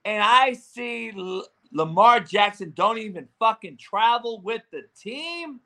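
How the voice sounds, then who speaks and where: A man ranting in profane, combative sports talk, with shouting bursts. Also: high voice. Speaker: sports commentator.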